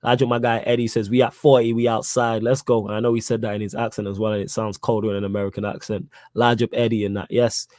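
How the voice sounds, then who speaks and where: A man's voice: on the low side, little pitch movement, fast talker, hardly any pauses, a little mellow, no echo. A young man hosting a live football podcast, reading chat questions in a slangy, emphatic way and repeating his points. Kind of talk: casual live-stream chat.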